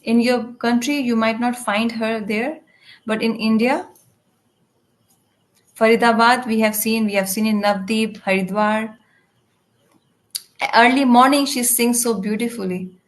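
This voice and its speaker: Woman with a slightly high voice, live interpreter for a spiritual class, halting delivery with restarts. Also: steady tone, low-quality recording. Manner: halting, with frequent restarts and fillers. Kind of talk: live translation of a devotional lecture.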